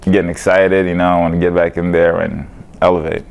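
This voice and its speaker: Very deep-voiced man, relaxed and rambling. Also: fast, creaky, lo-fi sound, slight background noise. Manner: relaxed, rambling, says "man" and "you know" often. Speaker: fighter being interviewed. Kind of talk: casual interview.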